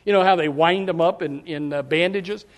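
A middle-aged man preaching a sermon as pastor, fervent and emphatic, his voice surging loud on key points. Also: on the high side, moderate pace, big-room sound.

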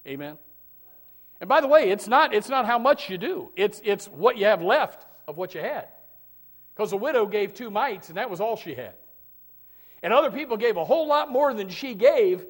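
High-voiced preacher man, loud and soft by turns. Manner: preachy, repeats words, swings from loud shouts to hushed asides. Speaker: pastor. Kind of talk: sermon.

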